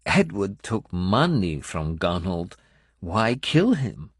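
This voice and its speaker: An audiobook narrator, a man, voicing a wary, bitter foreign woman who speaks slowly and gravely with a foreign-sounding accent. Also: very deep voice, big pitch swings, dry recording, studio quality, full character voice. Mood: bleak, wary. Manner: slow, measured, bleak delivery. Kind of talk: audiobook character voice.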